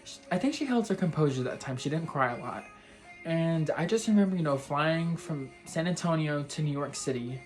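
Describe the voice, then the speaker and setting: A man's voice: on the high side, lively intonation, normal speed, a little mellow, soft background music. A young man from Texas telling a personal story in a vlog, rambling and heartfelt, with lots of "like" and "you know". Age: young adult. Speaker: vlogger.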